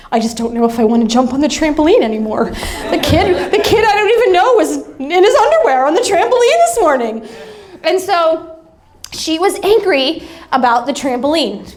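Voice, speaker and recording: A woman pastor giving a sermon, telling humorous family stories in a chatty way. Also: high-pitched. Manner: chatty, humorous anecdotes with acted-out quotes. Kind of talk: sermon storytelling.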